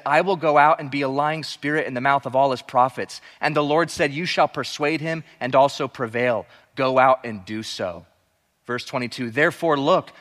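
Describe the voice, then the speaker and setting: Man preaching in a reverberant hall. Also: fairly high pitch. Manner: emphatic preaching, drops to soft asides. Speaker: pastor. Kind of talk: sermon.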